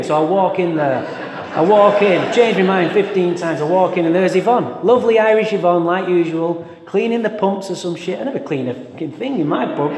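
A man's voice: a little high, moderate pace. A man candidly telling his own recovery story to an audience, acting out his past thoughts with self-mocking humor. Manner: candid, animated storytelling with self-mockery and acted-out inner voices. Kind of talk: personal story told to an audience. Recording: echoey hall.

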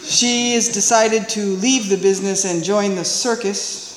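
A woman telling a personal recovery story to an audience, animated and confiding, laughing often and checking in with "right?". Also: medium pitch, a little slow. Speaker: speaker sharing a recovery story. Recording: roomy hall reverb, faint noise.

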